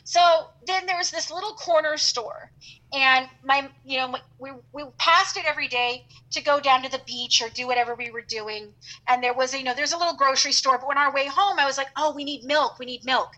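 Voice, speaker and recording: A woman telling a funny travel story as a podcast guest, chatty and animated with lots of fillers. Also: high-pitched, fairly quick, rough recording. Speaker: podcast guest and co-host of her own show. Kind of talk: casual storytelling.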